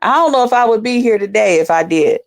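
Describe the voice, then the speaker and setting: Profane, animated woman telling a story. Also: a little high, fast, creaky. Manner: profane, animated, addresses viewers as y'all. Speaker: YouTuber telling stories to viewers. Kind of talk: casual storytelling vlog.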